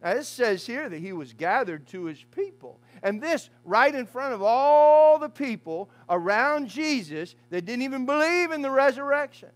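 A man preaching a fiery funeral sermon as pastor in a church, swinging from hushed asides to shouted lines. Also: very high-pitched, sing-song, normal speed, few pauses.

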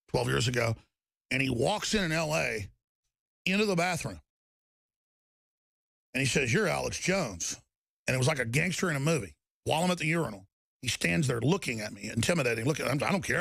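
A man hosting a talk show, ranting in an emphatic, combative way that swings to shouted defiance. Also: medium pitch, vocal fry, no room sound. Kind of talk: heated talk-show rant.

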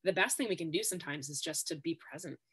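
Woman guest on a podcast, lowish bright voice, keeps saying really, calm explainer. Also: fast talker, slightly rough. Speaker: guest expert. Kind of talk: podcast interview.

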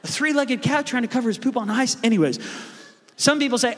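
A middle-aged man preaching a sermon as a pastor, telling stories with quick asides and playful jokes. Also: very high-pitched, fairly bright tone, slightly rough. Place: large church hall. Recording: long hall reverb.

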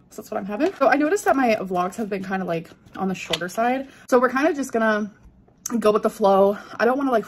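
A woman's voice: medium pitch, a little hiss or hum. A young adult woman chatting casually in her vlog, rambling and full of "like". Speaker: vlogger.

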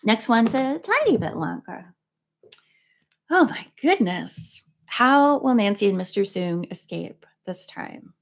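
A woman chatting casually between chapters of a read-aloud, rambling through gentle asides. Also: medium pitch, very animated, slow, gravelly. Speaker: vlogger reading a book aloud. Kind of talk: casual chat.

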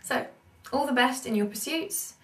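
A woman giving an animated talk as an accent coach, thinking aloud with many asides. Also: sits high, normal speed. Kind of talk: instructional talk. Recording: roomy echo, distant mic.

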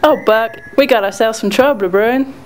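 A woman's voice: a little high, moderate pace, a little mellow, a little hiss or hum, natural voice. A woman voicing a sassy slug gal. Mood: worried. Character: spirited young female slug.

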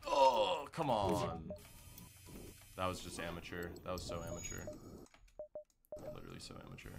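Joking male game streamer, lively pitch. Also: moderate pace, gravelly, pauses often, slight background noise. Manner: loose, joking, chatty with viewers, slangy. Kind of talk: casual live gameplay commentary.

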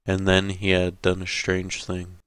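A man narrates an audiobook from a script, his deep voice steady and smooth with a resonant tone and little pitch movement. He speaks a little slowly. The recording is close-miked and completely dry, with no room sound.

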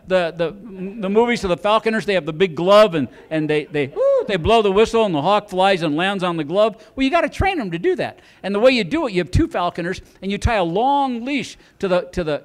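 A middle-aged man doing stand-up on a comedy club stage, telling a long rambling story, stumbling over repeated words and acting out the lines of the people in it. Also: sits high.

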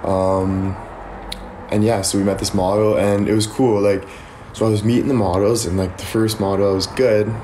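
Young male streamer, lowish mellow voice, laid-back rambling chat, faint hum behind. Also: normal speed. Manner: relaxed, rambling, thanks viewers often. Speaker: live streamer. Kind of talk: casual live-stream chat.

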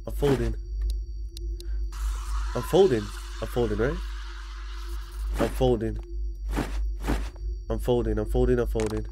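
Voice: mid-range voice, steady tone, unhurried, pauses often, over music. A young adult commentating live over a game, panicky, often repeating words over and over. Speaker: gameplay commentator.

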